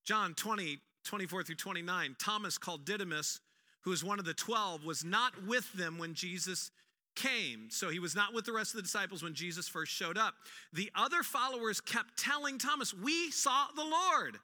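Animated, bright-voiced male preacher. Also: high-pitched, normal speed, big-room sound. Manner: animated storyteller, acts out quotes with humor. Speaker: pastor. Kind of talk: sermon.

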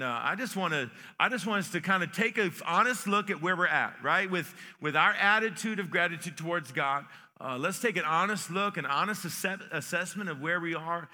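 Bright-voiced male pastor in echoing church. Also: high-pitched. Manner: folksy, joking storyteller with many restarts. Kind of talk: sermon. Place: church sanctuary.

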